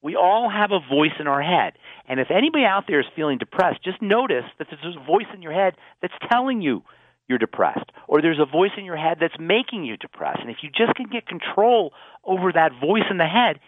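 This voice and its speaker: A pharmacist appears as a guest on a radio call-in show, his voice a little high with big pitch swings and a fairly quick pace on a dry recording. He explains health topics earnestly, often restarting his phrases, and the audio is tinny phone-line radio.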